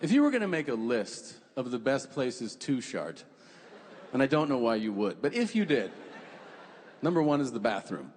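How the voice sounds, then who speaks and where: A man works a comedy stage, his mid-pitched voice swinging widely as he spins profane, conversational tales. The sound carries a long hall echo, with clear audience ambience beneath it. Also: sing-song, moderate pace, darkish tone, a little hiss or hum. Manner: crude, profane, conversational storyteller who acts out quotes. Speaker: stand-up comedian. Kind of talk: stand-up comedy storytelling. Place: comedy venue stage before a live audience. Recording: reverberant hall with crowd ambience.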